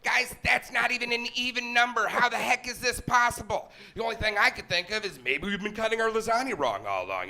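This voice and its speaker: A man's voice: high voice, pushed and bright. A man, a stand-up comedian, telling jokes in a sarcastic, playful style.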